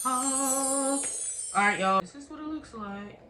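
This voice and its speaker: A woman's voice: medium pitch, lively intonation, fairly quick, music in the background. A young woman, chatting casually to viewers as "y'all" while unboxing and reviewing a product. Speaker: beauty vlogger reviewing a product. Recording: echoey room with faint background hiss.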